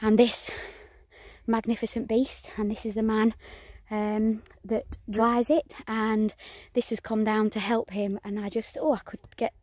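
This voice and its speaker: A woman's voice: a little high, level tone, unhurried, darkish tone. A middle-aged woman vlogging outdoors on a countryside walk, chatty and emotional, rambling with restarts and a little out of breath. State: a bit out of breath. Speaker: family vlogger. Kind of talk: casual vlog narration.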